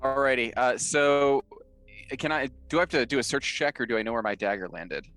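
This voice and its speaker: A man playing a tabletop game over a video call, thinking aloud with many pauses and fillers. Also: medium pitch, fairly bright tone. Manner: hesitant, many fillers while deciding. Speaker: player. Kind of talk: casual chat at a tabletop game.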